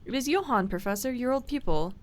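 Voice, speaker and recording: A woman's voice: a little high, animated, fast talker, pitched above the performer's own voice, close to an everyday voice. A woman doing a fluttery old housekeeper with a put-on accent. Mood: fussy. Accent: put-on accent unlike the other figures. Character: elderly female housekeeper, fussy and kindly.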